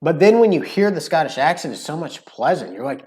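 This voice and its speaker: Rambling American man, slightly high voice. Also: very animated, normal speed. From United States. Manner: rambling, many "like" fillers, playful accent imitations. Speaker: cooking livestream host. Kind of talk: casual chat.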